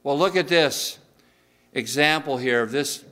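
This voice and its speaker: A middle-aged man preaching a sermon in an earnest way, slowing down to stress key words and often restarting his sentences. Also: medium pitch, a bit bright. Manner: earnest, slows down for emphasis, frequent restarts. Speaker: pastor.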